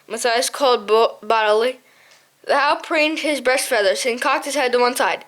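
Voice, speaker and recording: A woman narrates a children's novel for an audiobook. Her voice is high, and her reading is hesitant, with frequent slips and restarts on words. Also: normal speed, a bit bright.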